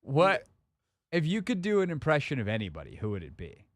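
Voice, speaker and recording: A man's voice: fairly high pitch, brisk, no room sound. A man hosting a sports radio talk show, chatting casually and joking about impressions. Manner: chatty, lively, jokey, trying out impressions. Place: radio studio. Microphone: studio microphone.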